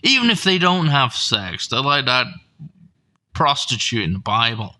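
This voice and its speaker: A man's voice: mid-range voice, big pitch swings, unhurried, pushed and bright. A man giving profane, sardonic reaction commentary as a YouTube host.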